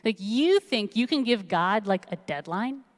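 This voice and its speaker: A woman's voice: medium pitch, animated, a little slow, close to an everyday voice. A woman voicing a fierce, pious, wealthy widow who scolds and pleads, heard with a long echo. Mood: indignant. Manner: indignant, scolding. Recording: long reverb in a large hall.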